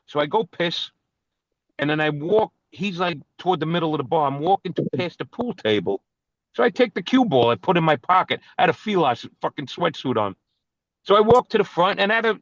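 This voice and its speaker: Brash Brooklyn podcast co-host, profane storyteller, slightly high voice, dry close sound. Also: male voice, a bit bright, no echo. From New York. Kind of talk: casual storytelling chat. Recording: dull, dry lo-fi recording.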